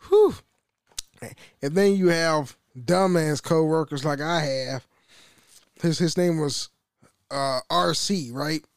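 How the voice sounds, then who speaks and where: Casting: young male podcaster, slightly high voice, loose profane rambling, dry close sound. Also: slow pace, long pauses, dry recording. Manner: rambling, profane, laughs often, restarts. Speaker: podcast host. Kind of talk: casual solo podcast rant.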